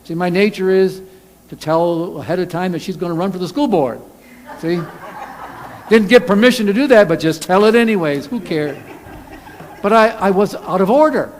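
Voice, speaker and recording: Pastor, male, high voice, lively sermon delivery with loud acted-out quotes, church hall reverb. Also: normal speed, slight background noise. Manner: animated, acts out angry quotes loudly. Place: church sanctuary.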